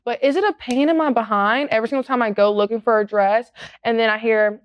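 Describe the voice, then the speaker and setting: A woman bridal stylist chats as a guest on a podcast. Her voice sits fairly high and sounds dry and close, with no room around it. She rambles warmly with lots of "like" fillers. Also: fairly even intonation, fast talker, smooth, dry recording, lo-fi sound. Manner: chatty, emotional, rambling with many fillers. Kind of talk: casual podcast chat.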